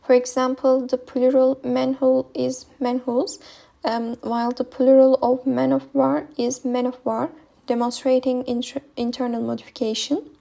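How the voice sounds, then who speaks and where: Hesitant high-voiced woman with Turkish accent. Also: flat delivery, moderate pace, creaky, warm tone. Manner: hesitant, many ums and uhs. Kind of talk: reading a linguistics presentation.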